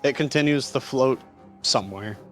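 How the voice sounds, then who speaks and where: A man's voice: medium pitch, moderate pace, faint music behind. A man running a tabletop game as game master, narrating with a playful, laughing manner.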